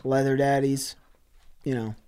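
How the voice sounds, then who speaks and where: A man's voice: medium pitch, little pitch movement, unhurried, dark tone, smooth. A man co-hosting a comedy podcast, rambling through absurd bits with stammers. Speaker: podcast co-host. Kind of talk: casual comedy banter.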